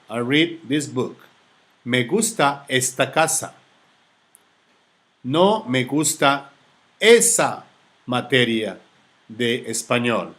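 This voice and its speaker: A man, tutoring through a slide lesson, talking deliberately and repeating each example. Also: mid-range voice, fairly bright tone. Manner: slow, deliberate, repeats examples in two languages. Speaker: language tutor.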